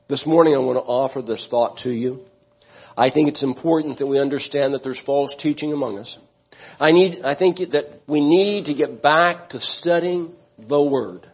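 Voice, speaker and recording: Pastor, male, high-pitched husky voice, emphatic sermon with questions to the pews; dull lo-fi church recording. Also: animated, normal speed. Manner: emphatic preaching, asks the congregation questions.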